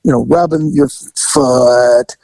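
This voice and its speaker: A man telling a comic crime story in a rambling, animated way, acting out the people in it. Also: mid-range voice, takes it slowly, gravelly, dry recording, low-quality recording. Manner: animated, rambling, acts out every line. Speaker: guest storyteller.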